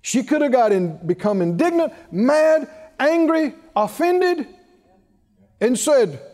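High-voiced, lively male preacher. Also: takes it slowly. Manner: emphatic, call-and-response, chuckling asides. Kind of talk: sermon.

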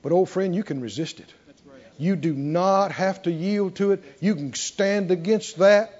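A man preaching a sermon with animated emphasis, often asking the congregation questions. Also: high-pitched, unhurried. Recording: dull lo-fi recording.

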